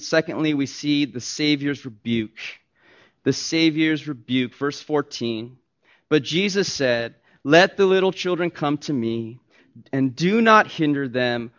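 A pastor preaching a sermon, emphatic and swinging from soft asides to loud stressed points. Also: male voice, on the high side. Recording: dull lo-fi recording.

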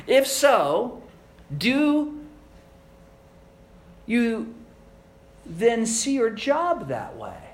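Preacher, man, high and very expressive pitch, animated storyteller in the pulpit. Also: very slow, pauses often. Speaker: pastor. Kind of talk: sermon.

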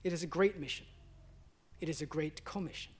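A pastor preaching a sermon, swinging between emphatic declarations and hushed, quiet asides. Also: male voice, a little high, a little fast, slightly rough.

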